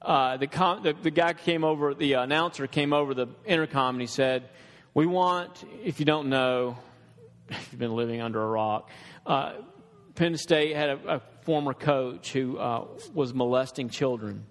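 A man's voice: medium pitch, normal speed. Earnest man preaching in a reverberant hall. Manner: earnest, conversational preaching with restarts and asides. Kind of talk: sermon.

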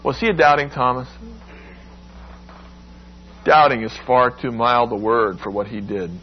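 A man preaching a sermon, expressive and emphatic, acting out the quoted lines with sudden rises. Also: mid-range voice, measured pace, muffled recording, a little hiss or hum.

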